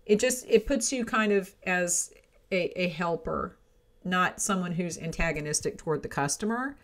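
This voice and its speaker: Speaking at a moderate pace in a lowish voice, this podcast host is a middle-aged woman running a show about home businesses. Her casual advice is frank and chatty, often punctuated by "right?" or "okay?"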